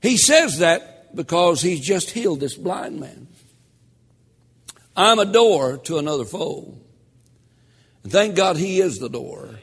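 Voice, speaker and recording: A man preaching a sermon as pastor, slow and emphatic with dramatic pauses and rising emphasis. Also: high-pitched, a bit bright, husky. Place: church sanctuary. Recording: echoey church hall.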